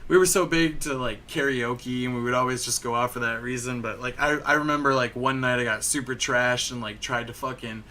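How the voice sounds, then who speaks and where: A young podcast host from Michigan rambles through his stories casually, leaning heavily on "like" and swearing often. His mid-range voice is pushed and bright, fairly quick with few pauses and fairly even intonation, over a little hiss or hum.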